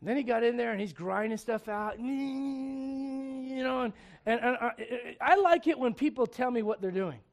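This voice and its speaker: A man with a high-pitched voice preaches a sermon. He tells stories by acting out the dialogue and laughs at his own jokes. He goes loud for punchlines and drops low and quiet for the serious points. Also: measured pace, vocal fry. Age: adult. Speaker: pastor.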